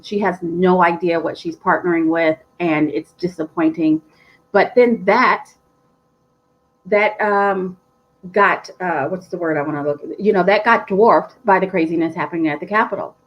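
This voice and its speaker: A woman speaks in a low, gravelly voice, emotional and indignant, with many fillers and restarts. She sounds like a political party chair giving a live update. The audio is dull and lo-fi.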